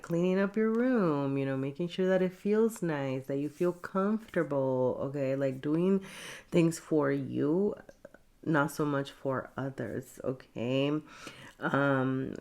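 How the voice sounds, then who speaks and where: Very low-voiced woman reading tarot. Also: creaky, darkish tone. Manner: chatty, laughs often, filler-heavy. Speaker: tarot reader.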